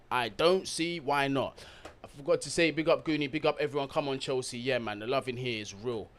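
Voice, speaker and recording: A man hosting a live football watch-along, reading out viewers' comments and giving them shout-outs in an upbeat, slangy way. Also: fairly high pitch. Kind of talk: live-stream chat.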